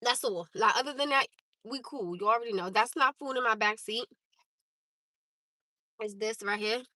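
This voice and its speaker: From the driver's seat of her parked car, a woman from Newark, New Jersey, hosts a livestream and talks candidly to her chat. Her fairly high, sharp voice moves at a moderate pace. There's no room sound, and the quality is low.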